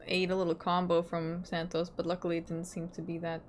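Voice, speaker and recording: A young adult woman streamer chatting casually with her viewers, reading their comments, laughing often and trailing off softly at the ends of her thoughts. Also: fairly low pitch, monotone, brisk, slight background noise. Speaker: livestreamer.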